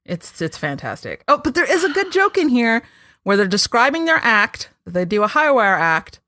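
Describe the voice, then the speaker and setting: A woman's voice: on the high side, sing-song, normal speed, bright, forceful tone, dry recording, studio quality. A woman hosting a podcast, chatting and recapping an episode with a lot of laughter. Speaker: podcast host. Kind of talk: casual podcast chat.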